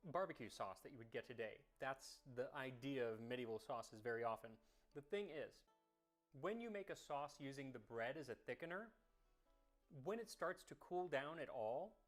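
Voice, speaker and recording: Male cooking-history host, mid-pitched, chatty, tastes as he talks, keen on old stories. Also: lively intonation, normal speed, soft background music. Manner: chatty, thinks aloud while tasting; curious, enthusiastic about history. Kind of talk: tasting commentary to camera.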